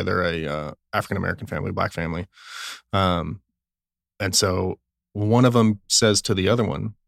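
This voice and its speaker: A man's voice: low voice, creaky, fairly bright tone, dry recording, studio quality. A young adult man, a police officer, earnestly telling stories from his work in an interview and quoting what people said. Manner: earnest, retells scenes with quoted dialogue. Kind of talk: conversational interview storytelling.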